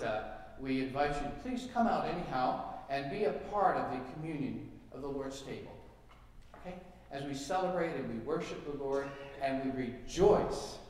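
A man's voice: mid-range voice, slight background noise. A man speaking as a pastor, making folksy conversational announcements in a church service with frequent fillers. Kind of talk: sermon with announcements. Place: church sanctuary. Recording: echoey hall, mic far off.

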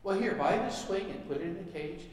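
A man's voice: sits high, expressive, brisk, voice pushed up. Figure: patient pet store manager played by a man. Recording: echoey hall. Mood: reassuring. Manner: patient, reassuring salesman. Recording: echoey hall, mic far off.

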